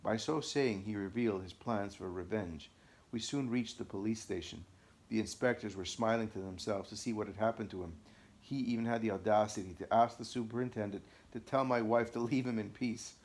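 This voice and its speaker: A man narrating a first-person account as an audiobook, measured and deliberate. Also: lowish voice, darkish tone.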